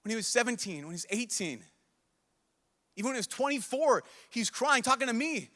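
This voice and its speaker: A man's voice: very high-pitched, expressive, a little fast, pushed and bright. A young man, a priest, giving an earnest, pleading sermon at a youth conference, repeating himself as he talks. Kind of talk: emotional sermon to a large crowd. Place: large conference hall. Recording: long hall reverb.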